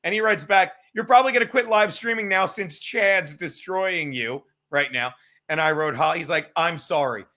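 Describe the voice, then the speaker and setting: A man with a high-sitting, sharp voice speaks at a normal pace while hosting a live stream. He wanders through sarcastic, profane stories and responds to his chat.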